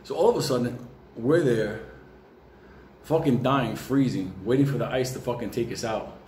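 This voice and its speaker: A man tells a comic story in a profane, animated way, laughing often. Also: mid-range voice, normal speed, slight background noise. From New York. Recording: roomy with faint ambience.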